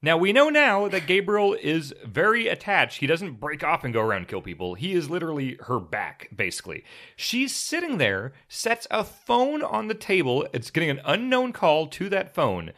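A man co-hosting a casual movie review podcast, animated, swearing freely and mimicking characters as he talks. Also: a little high, normal speed. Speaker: podcast co-host.

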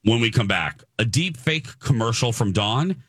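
A man's voice: animated, moderate pace, dry recording, clean studio sound. A man hosting a morning radio show, chatting casually and playfully with his co-hosts. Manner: playful, drops into silly low voices. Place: radio studio.

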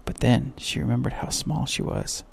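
Man reading a storybook, very creaky. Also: mid-range voice, little pitch movement, moderate pace, darkish tone, a little hiss or hum. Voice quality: creaky, husky.

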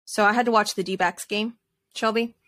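Co-hosting a podcast, this woman talks baseball in a casual sports chat, full of laughs and rambling restarts. Her mid-range voice is steady in tone, a bit bright, and moderately paced.

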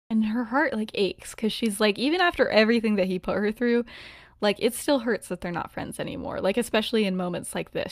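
A woman's voice: medium pitch, creaky, no echo, studio quality. A woman hosting a podcast, telling a fan-fiction story in a loose, rambling way, full of "like" and "um" and frequent giggles. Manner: chatty, rambling, many "like" and "um" fillers, giggles often. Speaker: podcast host.

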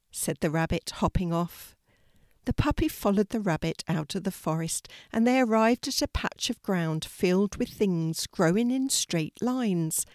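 An older woman narrating a children's story in a gentle, slow, soothing reading style. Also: lowish voice, no echo, studio quality.

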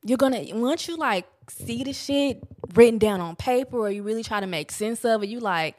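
A young woman, talking casually and candidly about self-help to her viewers, swearing freely and getting animated. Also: medium pitch, fairly quick, few pauses. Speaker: vlogger.

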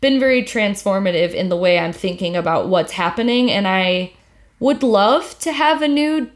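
A young woman in a relaxed podcast conversation, talking in a chatty, slangy way. She tells her stories with plenty of animation and a middle-pitched voice. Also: normal speed. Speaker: podcast co-host. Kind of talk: casual chat.

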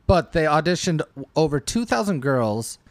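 Lively podcast man, dry close mic. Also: a little high, moderate pace, no echo. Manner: animated, jokey, stumbles over words. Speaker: podcast co-host. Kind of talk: casual movie chat.

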